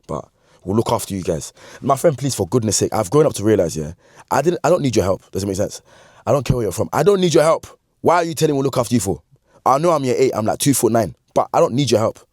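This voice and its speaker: A man in his twenties with a London accent, telling a funny story from his youth in slangy, animated talk that he breaks up with laughs. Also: mid-range voice, quick pace, dry recording, clean studio sound. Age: 20s. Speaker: vlogger. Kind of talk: comedic storytime.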